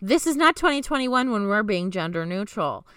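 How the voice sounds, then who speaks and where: A woman's voice: medium pitch, sing-song, moderate pace, a bit bright, smooth, no echo, clean studio sound. A woman co-hosting a casual podcast, bluntly retelling the plot and swearing as she goes. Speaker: podcast co-host. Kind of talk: casual chat recapping an old sitcom.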